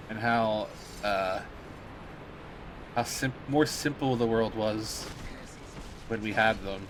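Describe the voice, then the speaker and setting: A man's voice: fairly low pitch, slow pace, pauses often, noisy background. A man chatting casually while streaming a game, rambling and joking with lots of filler words. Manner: rambling, jokey, filler-heavy. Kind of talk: casual chat while gaming.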